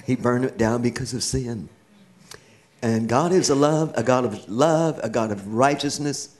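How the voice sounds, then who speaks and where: A man's voice: mid-range voice, unhurried, darkish tone. A middle-aged man, a guest in an interview, telling his own life story with earnest feeling and a laugh now and then. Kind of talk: personal testimony in church.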